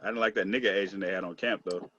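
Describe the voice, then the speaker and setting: A man's voice: sits low, rapid-fire, no room sound, dull audio. A man co-hosting a casual podcast, mocking scenes from a TV episode and acting out the characters' lines. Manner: animated, mocking, quotes characters with laughter. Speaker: podcast co-host. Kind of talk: casual group chat reviewing a TV episode.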